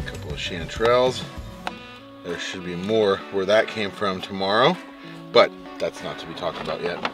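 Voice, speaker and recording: A man chatting casually as he cooks outdoors, explaining each step in a relaxed way. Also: low-pitched, moderate pace, far from the mic, music in the background, poor audio. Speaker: outdoor cooking vlogger. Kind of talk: casual cooking narration. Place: outdoors at a campsite.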